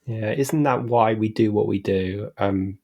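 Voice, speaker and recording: A man hosting a podcast interview, speaking in a measured, affirming way. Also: fairly low pitch, dark tone. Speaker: podcast host.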